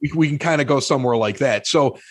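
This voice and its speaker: A man with a Chicago accent appears as a podcast guest, telling animated, self-mocking stories in casual conversation and often restarting his sentences. His voice is medium-pitched and fast, and the recording is dry.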